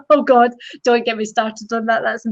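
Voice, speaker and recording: A Scottish woman co-hosting a casual live-stream chat, animated and laughing often. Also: on the high side, unhurried, dry recording, lo-fi sound. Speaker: co-host.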